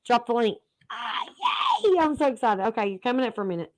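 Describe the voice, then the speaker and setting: A woman's voice: on the high side, very fast, a little mellow, dry recording. A woman hosting a live stream, affectionate and giggly with her guests. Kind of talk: casual live-stream chat.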